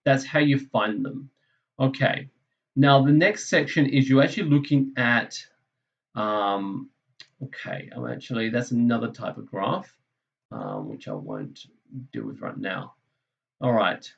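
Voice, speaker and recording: A man's voice: medium pitch, lively intonation, measured pace, creaky, lo-fi sound. A man teaching a maths lesson over a screen recording, thinking aloud in a casual way and correcting himself as he goes.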